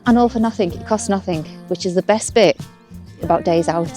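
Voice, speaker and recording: A young vlogger from north-west England walks beside the water outdoors, chatting cheerfully to camera and laughing often. Her fairly low, dark voice moves at a brisk pace over soft background music.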